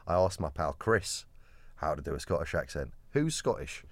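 A man's voice: rumbling low, steady tone, moderate pace, creaky, no echo. A young man with a southern English accent, from Kent, co-hosting a podcast in a rambling, playful casual chat. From Kent, England. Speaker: podcast co-host.

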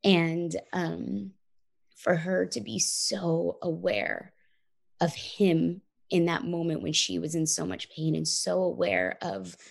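Woman, 30s, interview guest; earnest reflective storyteller, low voice with vocal fry. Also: expressive, slow pace. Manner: earnest, reflective, frequent "like" and "you know".

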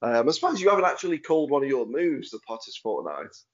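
A man's voice: mid-range voice, big pitch swings, rapid-fire. Chatty Stoke man hosting a podcast. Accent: Stoke-on-Trent English. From Stoke-on-Trent, England. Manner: chatty and laughs easily. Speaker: podcast host. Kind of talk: casual chat. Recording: dull lo-fi audio.

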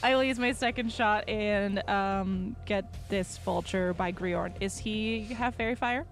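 A woman at a tabletop game with a mid-range voice. She talks quickly and chattily, working through her dice math out loud. Faint music plays underneath. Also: mid-range voice. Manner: chatty and quick, thinking aloud while adding up rolls. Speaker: player.

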